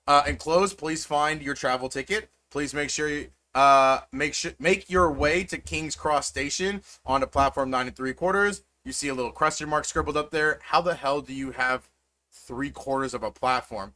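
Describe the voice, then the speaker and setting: A man's voice: mid-range voice, normal speed, pushed and bright. A man narrating as game master, rambling with many fillers and restarts.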